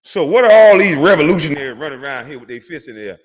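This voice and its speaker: A man's voice: fairly high pitch, animated, very fast, crowd noise. A man, a former pro athlete, delivering a heated, profane, preachy rant to camera that repeats words for emphasis. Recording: long hall reverb.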